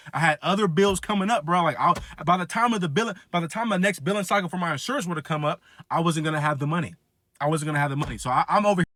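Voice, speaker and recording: A man's voice: a little high, fairly bright tone, no room sound. A man on a podcast, telling a long story in casual chat, acting out a phone call and swearing freely. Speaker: podcast co-host.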